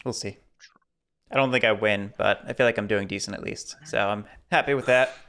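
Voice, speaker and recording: A man's voice: fairly low pitch, fairly even intonation, a little fast, a bit bright, clean tone. A man chatting casually while playing a board game and talking through each of his moves aloud. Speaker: board game teacher and player.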